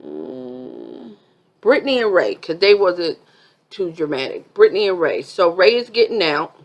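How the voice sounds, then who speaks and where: A woman's voice: lowish voice, sing-song, measured pace. A woman vlogger giving a chatty, sassy review of a reality TV episode, full of asides.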